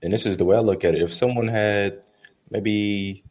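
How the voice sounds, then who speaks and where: A man co-hosts a casual chat, speaking earnestly and acting out quoted conversations as he tells stories. His voice is on the low side with fairly even intonation and a darkish tone, at a moderate pace.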